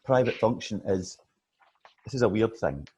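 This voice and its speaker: A middle-aged Scottish man co-hosting a podcast in casual, animated chat, laughing often. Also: on the low side, normal speed, slightly rough. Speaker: podcast co-host.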